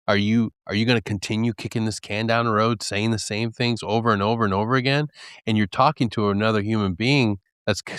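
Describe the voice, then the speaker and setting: A man's voice: mid-range voice, a bit bright, clear, resonant tone, dry recording, clean studio sound. A man in casual podcast conversation, telling stories earnestly and candidly. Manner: earnest, candid storytelling with acted quotes and laughs.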